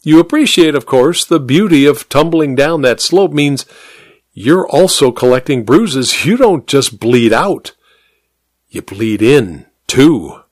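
Casting: man doing a raspy, mocking woman murderer, slow and gloating, dry close sound. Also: mid-range voice, no room sound. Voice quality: slightly raspy. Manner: calm, mocking, smug. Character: cold, gloating woman killer.

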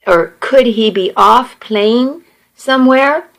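Anxious, shaken husband in a storybook, read by a woman; slow, earnest delivery. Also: fairly high pitch, vocal fry. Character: worried husband and father, shaken.

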